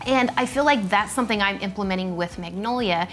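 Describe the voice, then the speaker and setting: A woman in easy conversation as co-host, talking animatedly at a medium pitch. She slips into other voices when she quotes people. Faint music plays softly behind her. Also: a little fast. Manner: animated, acts out quoted speech in a shifting voice. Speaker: podcast co-host. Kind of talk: casual chat.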